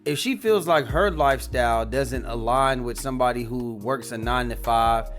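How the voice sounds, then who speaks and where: A man's voice: mid-range voice, moderate pace, a bit bright, faint music behind. A man hosting a commentary show, talking candidly and casually as he gives his opinions. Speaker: commentary channel host.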